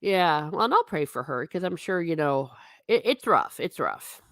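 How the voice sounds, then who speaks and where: Chatty woman with a lively, low voice. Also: moderate pace, dry recording, clean studio sound. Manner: chatty, laughs often, self-mocking asides. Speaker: livestream host reading viewer chat. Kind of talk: casual livestream chat.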